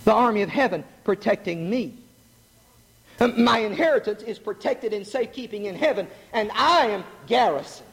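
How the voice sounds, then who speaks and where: A middle-aged man preaching a sermon, animated and joking, asking the congregation questions. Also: high voice, moderate pace, gravelly, husky. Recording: long hall reverb.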